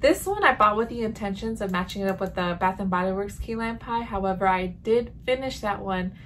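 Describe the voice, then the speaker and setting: A woman's voice: medium pitch, fairly quick, slight background noise. A woman chatting casually in a home vlog, reviewing candles and reacting as she smells each one. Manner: chatty, animated, sniffing and reacting. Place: home room.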